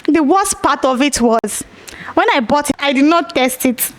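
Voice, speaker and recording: A woman's voice: high voice, animated, moderate pace, slight background noise. A young Nigerian woman hosting a podcast, animatedly retelling a story with acted-out quotes. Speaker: podcast host. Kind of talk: casual storytelling monologue.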